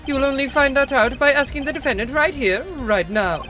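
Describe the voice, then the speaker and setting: A showy rock-star prosecutor, as a woman puts him on, teasing and flashy, dropping German words into a very lively, sing-song delivery. He struts through a courtroom video game. Game music plays behind. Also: high-pitched, brisk, voice pushed up. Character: smooth flamboyant rock-star male prosecutor. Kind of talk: reading a game script aloud.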